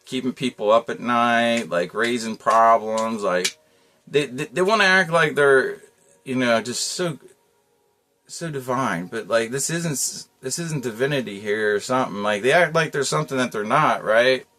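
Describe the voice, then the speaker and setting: A man in the middle pitch range talks through a casual tarot reading. His delivery is loose and wandering, full of slang and easy chuckles. Soft music plays quietly underneath. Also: animated, normal speed. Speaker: tarot reader.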